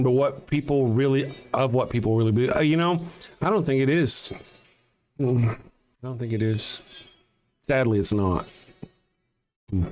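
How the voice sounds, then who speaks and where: A man hosting a livestream, answering chat sarcastically and reading out verses in casual commentary. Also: medium pitch. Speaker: livestream host.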